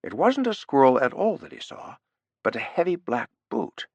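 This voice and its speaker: A man narrating an audiobook thriller with an expressive, animated reading, on a close studio mic. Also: on the high side, moderate pace, vocal fry, slightly rough, dry recording, muffled recording. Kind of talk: scripted narration.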